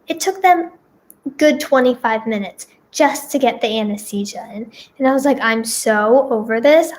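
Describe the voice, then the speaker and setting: A young woman vlogger telling a personal story in a rambling, casual way, repeating herself and saying "like" often. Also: on the high side.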